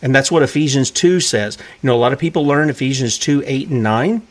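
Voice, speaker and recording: A man's voice: mid-range voice, fairly quick. A man preaching a sermon who asks his listeners rhetorical questions and acts out the characters in the stories he tells.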